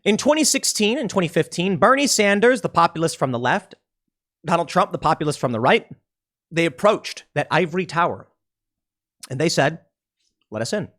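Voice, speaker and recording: A man giving casual solo political commentary, animated and quick to slip into mocking voices. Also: on the high side.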